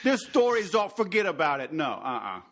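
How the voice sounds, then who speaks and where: A man putting on an exaggerated New Jersey accent to voice a brash male tough guy with a loud, high, strained voice. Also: sing-song, a little fast, slight background noise. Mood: scoffing. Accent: exaggerated mock New Jersey.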